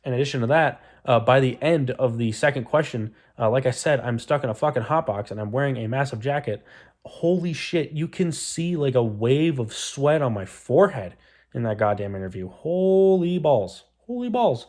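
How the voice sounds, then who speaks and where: A man's voice: mid-range voice, normal speed, darkish tone. A young man vlogging to the camera, telling a story in a rambling, self-deprecating way and swearing freely. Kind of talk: casual storytelling vlog.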